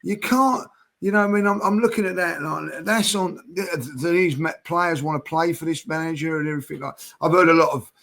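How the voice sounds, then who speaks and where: A man's voice: fairly high pitch, brisk, gravelly, a bit bright. A man arguing in a football fan debate, stammering and restarting as he talks. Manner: hesitant, stammering restarts, apologetic.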